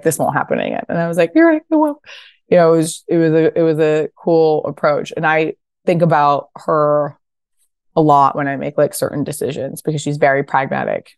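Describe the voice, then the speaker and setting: A woman in her thirties with a notably low voice tells stories on a podcast. She talks casually, drops the odd swear, and lifts into high voices to act out quotes. The sound is close and dry. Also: vocal fry, no echo. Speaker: guest, fashion brand founder. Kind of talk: casual interview storytelling.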